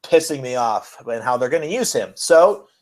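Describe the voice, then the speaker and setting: A man co-hosting a casual wrestling and sports podcast, excitable and rambling, swearing as he goes. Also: mid-range voice, normal speed. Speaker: podcast co-host. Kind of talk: casual chat.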